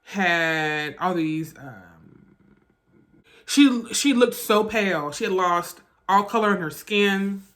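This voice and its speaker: Bright-voiced woman telling an emotional story. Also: lowish voice, expressive. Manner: emotional, halting retelling with restarts. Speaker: vlogger. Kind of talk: storytime vlog.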